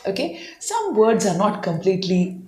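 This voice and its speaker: A woman teaching English pronunciation at a moderate, mid-range pitch. She explains patiently and says sample sentences slowly so learners can repeat after her. The room gives her voice a noticeable echo. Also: very animated, darkish tone. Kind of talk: spoken English lesson.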